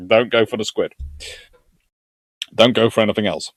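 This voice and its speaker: Chatty southern English man, lowish voice. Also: moderate pace, pauses often, no room sound, clean studio sound. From Surrey, England. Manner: rambling, chatty, chuckling. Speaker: history live-stream host. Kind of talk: casual live-stream chat answering viewer comments.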